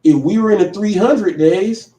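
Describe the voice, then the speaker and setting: This livestream host has a high, mellow voice at normal speed, heard off-mic in an echoey room. His rant against a rival is confrontational and rambling, full of restarts.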